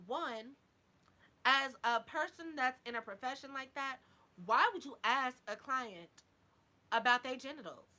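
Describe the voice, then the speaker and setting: A woman's voice: high-pitched, measured pace, pushed and bright. A woman vlogger talking casually to her viewers, sassy and blunt with heavy swearing, a little drunk. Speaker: YouTube vlogger. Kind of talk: casual live chat to viewers.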